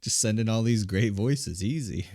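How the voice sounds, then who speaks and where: A man's voice: on the low side, normal speed, a little mellow, dry recording, studio quality. A male streamer chatting casually and playfully as he wraps up a live game stream. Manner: rambling, playful.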